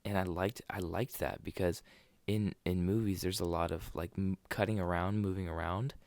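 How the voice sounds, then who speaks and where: A podcast co-host with a low, darkish voice chats casually about movies, speaking at a normal speed with fairly even intonation into a desk podcast mic. He rambles and keeps restarting his sentences.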